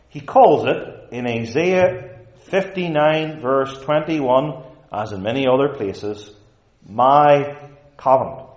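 Slow, emphatic man preaching a sermon. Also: medium pitch, roomy sound, dull audio. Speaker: pastor.

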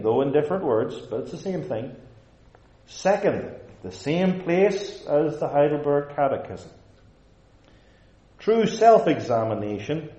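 A man's voice: a little high, warm tone. A man preaching a sermon as pastor, emphatic, building his points with rhetorical repetition. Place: church sanctuary. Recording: roomy, dull lo-fi recording.

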